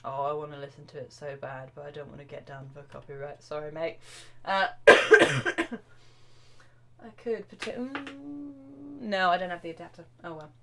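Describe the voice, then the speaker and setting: A woman drum teacher hosting a live question-and-answer stream, chatty and excitable, with lots of fillers and self-interruptions. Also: sits low, moderate pace, creaky.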